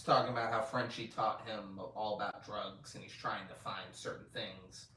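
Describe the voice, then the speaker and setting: A man co-hosting a casual review show, animated and swearing, acting out characters' lines. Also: lowish voice, normal speed. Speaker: podcast co-host. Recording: echoey room, mic at a distance.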